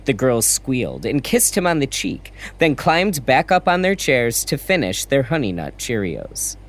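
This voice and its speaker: Male narrator, lively, expressive storytelling delivery. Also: mid-range voice, measured pace.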